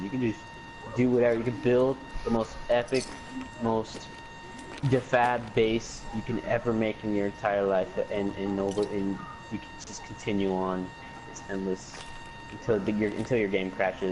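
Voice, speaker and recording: A low-pitched man talking loosely about a game, tripping over and repeating his words as he jokes around. Game music plays clearly underneath his voice. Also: low-quality recording. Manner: rambling, jokey, repeats words, mock drawl. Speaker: co-host of a game review. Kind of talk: casual chat.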